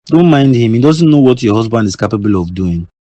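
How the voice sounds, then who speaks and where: A man voicing a loving, generous husband and father in a cartoon, calm and affectionate. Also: mid-range voice, brisk, no room sound, dull audio, close to an everyday voice. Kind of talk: cartoon voice acting.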